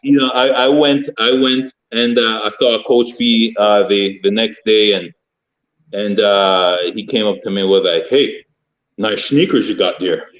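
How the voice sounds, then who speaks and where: A former football player, a man, telling a story in casual podcast chat and acting out a yelling coach. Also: on the low side, measured pace, dull audio. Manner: animated storyteller, acts out his coach's yelling.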